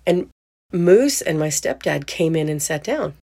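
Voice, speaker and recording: A woman's voice: low voice, expressive, measured pace, dark tone. A woman hosting a podcast, telling a story in a chatty way and laughing as she goes. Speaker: podcast host. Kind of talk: casual storytelling monologue.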